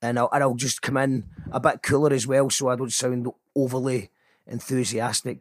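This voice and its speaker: A Scottish man hosting his own radio show, talking casually in a rambling, self-deprecating way, switching between a bright announcer voice and low muttered asides. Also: flat delivery, moderate pace, no room sound, clean studio sound. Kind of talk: casual solo podcast talk.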